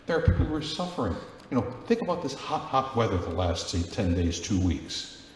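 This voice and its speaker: Chatty priest in an echoing church. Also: male voice, fairly low pitch, sing-song, brisk, slight background noise. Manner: chatty, asks the congregation questions. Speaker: Catholic priest. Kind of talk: conversational Sunday homily. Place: large church. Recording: very echoey church with long reverb, faint ambience.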